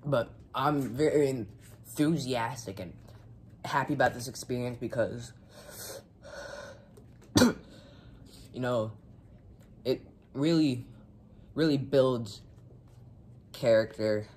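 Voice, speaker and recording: A man doing a comedic spicy food challenge vlog, talking in a halting deadpan way and coughing from the heat. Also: medium pitch, a little hiss or hum. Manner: slow, halting deadpan delivery between coughs. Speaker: vlogger.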